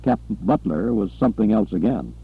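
A man narrating an audiobook in a steady, even storytelling manner. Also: on the low side, fairly quick, gravelly, breathy edge. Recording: lo-fi tinny recording.

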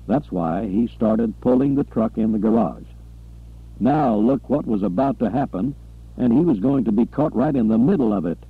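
A man narrating an audiobook in a steady, even storytelling manner. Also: fairly low pitch, moderate pace, breathy edge. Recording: lo-fi tinny recording.

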